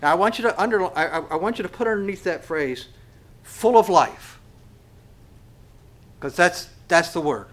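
Man preaching with a slightly high voice. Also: expressive, normal speed, pauses often, fairly bright tone. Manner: asks the congregation rhetorical questions and stumbles over repeated words. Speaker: pastor. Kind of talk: sermon.

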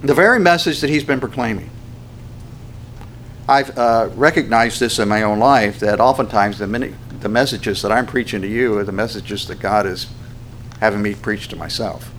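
A man's voice: lowish voice, normal speed, a bit bright, a little hiss or hum. A man preaching a sermon as a pastor, in a conversational storytelling manner with many fillers.

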